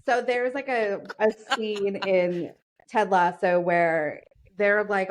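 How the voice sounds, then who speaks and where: A woman co-hosting a podcast in casual chat, joking and swearing as she tells animated stories about her kids and TV shows. She is from the United States. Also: fairly low pitch. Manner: profane, joking, animated storytelling. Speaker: podcast co-host.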